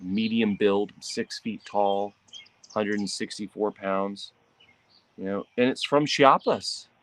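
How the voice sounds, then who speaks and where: A man's voice: on the low side, steady tone, takes it slowly. A man, an author who hosts his own vlog, chatting casually and rambling outdoors under a tree. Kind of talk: casual morning chat. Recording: outdoor recording with loud birdsong.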